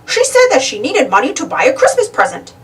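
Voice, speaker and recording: A woman's voice: high-pitched, wildly swooping pitch, fairly quick, far from the mic, pitched above the performer's own voice. A woman voicing a friendly, chatty bicycle shopkeeper, a little away from the mic.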